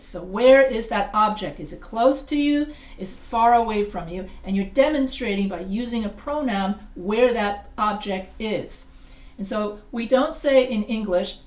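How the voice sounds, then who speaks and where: Upbeat female teacher, higher voice, jokey and chatty, recorded in an echoey classroom. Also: normal speed, a little mellow. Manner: playful, chatty teacher asking the class questions. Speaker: writing instructor. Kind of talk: classroom grammar lecture.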